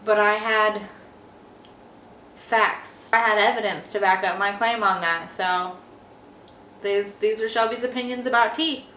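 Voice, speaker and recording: A woman's voice: mid-range voice, steady tone, unhurried, long pauses, bright, forceful tone. A young woman vlogging to camera in a chatty, opinionated way, talking straight to her viewers. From Texas. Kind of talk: casual chat to camera. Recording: echoey room with faint background noise.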